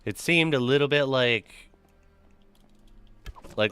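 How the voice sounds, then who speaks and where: A man's voice: mid-range voice, expressive, a little slow, long pauses, bright, forceful tone, smooth, dry recording. A young man streaming a game, chatting casually with viewers, reading names from chat and telling crude, joking stories. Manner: loose, profane, joking storyteller reading chat.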